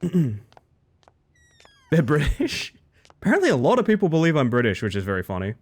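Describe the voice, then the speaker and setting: Young man, streamer, casual chat, lively pitch, excitable, swears freely. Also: normal speed, pauses often. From Australia. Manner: animated, swears freely, reads chat aloud.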